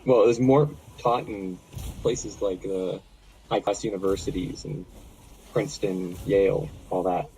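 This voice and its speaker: An American man with a low, mellow voice explains things patiently in a gaming voice chat. His talk is measured and dotted with hesitant pauses. Faint hiss sits beneath it. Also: fairly even intonation, poor audio. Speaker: gamer in voice chat. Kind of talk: casual chat.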